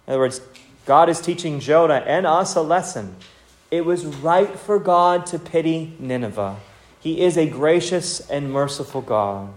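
A man's voice: fairly high pitch, a little slow. A man preaching an expository sermon in an earnest, teacherly way, speaking straight to his listeners.

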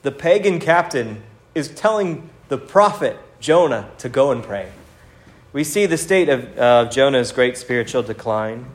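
A man's voice: mid-range voice, lively intonation, unhurried. A man preaching a sermon, earnest and direct, asking the listeners pointed questions. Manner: earnest preaching with rhetorical questions and acted quotes. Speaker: pastor.

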